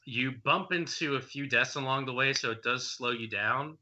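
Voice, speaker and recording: A man's voice: medium pitch, normal speed, pushed and bright. A man running a tabletop game as game master, narrating with many ums and hesitations.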